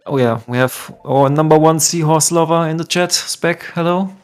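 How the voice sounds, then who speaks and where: Casual male stream commentator, slightly high voice, faint game music behind. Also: moderate pace, smooth. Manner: relaxed, chatty, greets chat. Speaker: tournament commentator.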